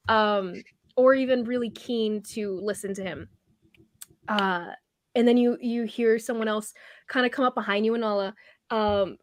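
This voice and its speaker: Woman game master, rambly and casual, slightly high voice, dry close mic. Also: no echo. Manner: rambling, many fillers and self-corrections. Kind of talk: narrating a tabletop game.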